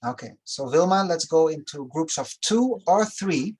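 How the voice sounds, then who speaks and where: A low, breathy woman speaks in short, measured teaching phrases over a video call. She stops after each one so an interpreter can follow. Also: expressive, darkish tone. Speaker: missions course teacher.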